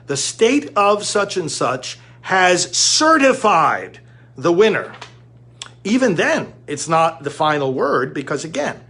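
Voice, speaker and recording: Man, high-pitched voice, emphatic explanatory monologue, lecturing tone, repeats key words. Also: fairly bright tone. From United States. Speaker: commentator.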